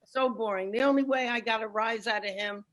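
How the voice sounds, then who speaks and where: A woman's voice: a little high, a little fast. Brash middle-aged woman comic, punchy storytelling from home over a noisy video call. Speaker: stand-up comedian. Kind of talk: stand-up comedy set. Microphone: computer mic on a video call.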